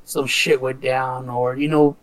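A man in casual chat, telling stories loosely with profanity and quick impressions of others. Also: mid-range voice, level tone.

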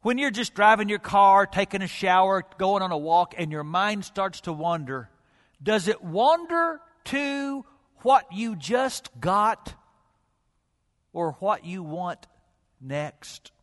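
A male pastor preaching with rhetorical questions and dramatic pauses, sometimes dropping to a near whisper. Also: sits high, lively intonation, fairly bright tone, in a large hall. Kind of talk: sermon. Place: church sanctuary.

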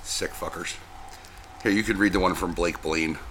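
A man's voice: low voice, steady tone, normal speed, a bit bright, breathy edge. A man co-hosting a podcast, dropping short wisecracking interjections in casual comedic chat. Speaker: podcast co-host.

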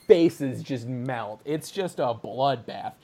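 A man's voice: medium pitch, slow, slightly rough. A man co-hosting a comedy podcast, riffing playfully with frequent laughter and acted-out scenes. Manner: giggly, animated, acts out scenes. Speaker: podcast co-host. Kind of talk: comedic casual podcast banter.

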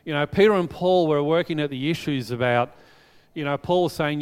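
A man preaching a sermon to his congregation, telling a childhood story in a chatty, animated way. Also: a little high, brisk, clean tone. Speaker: pastor. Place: church hall. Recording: long reverb of a large hall.

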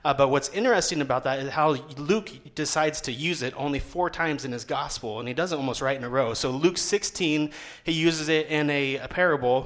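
A young man, a seminary student, preaching a casual sermon in a conversational way and acting out quotes. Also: a little high. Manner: conversational, lively, acts out quotes with rising voice.

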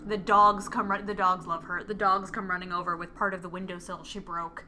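Woman podcast co-host, bright and clear tone, lively plot recap with put-on quotes. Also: fairly low pitch, brisk, a little hiss or hum. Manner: animated, acts out characters' lines while retelling. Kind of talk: casual film recap chat. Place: home with a cat nearby.

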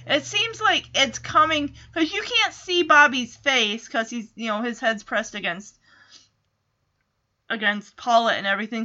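A woman with a high, sharp, bright voice gives a chatty, animated recap of a TV episode. She acts out snippets of dialogue as she goes. The recording sounds dull and lo-fi. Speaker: show recapper.

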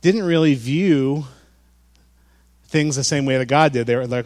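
A man preaching a sermon as pastor, in a relaxed, conversational way with frequent fillers and restarts. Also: medium pitch, normal speed.

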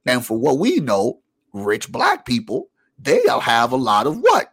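A man in casual podcast conversation, arguing his view with force. His ordinary voice sits at a middle pitch, and it jumps high when he presses a point. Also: wildly swooping pitch, a little slow, a bit bright, breathy edge. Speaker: podcast co-host. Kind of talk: casual chat.

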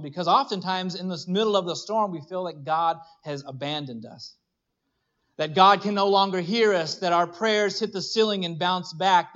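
A man preaching a sermon, animated and conversational, acting out little voices and restarting his phrases. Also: high-pitched, highs cut off. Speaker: pastor.

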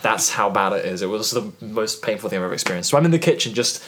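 A man, a podcast guest telling a long story in casual chat, animated and rambling, now and then swearing. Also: lowish voice, fast talker, slight background noise.

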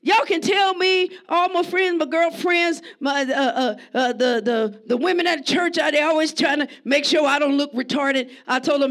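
A woman preaching a sermon, conversational and emphatic, often shouting out to the congregation. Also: sits high, fairly even intonation, normal speed, hardly any pauses.

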